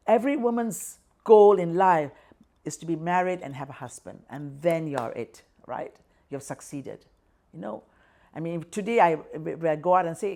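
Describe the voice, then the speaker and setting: A woman's voice: lowish voice, moderate pace, mellow. An older woman from Malaysia with a Malaysian English accent, speaking passionately in an interview and acting out what others say. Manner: passionate, acts out quoted voices, frequent "right?" and "you know". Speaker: activist guest. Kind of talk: conversational interview.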